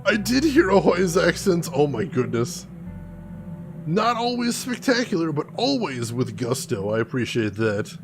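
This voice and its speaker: A man giving casual, excitable commentary while playing a video game. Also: a little high, a little slow, music in the background. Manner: excitable, jumpy exclamations. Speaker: gaming streamer. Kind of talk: casual let's-play commentary.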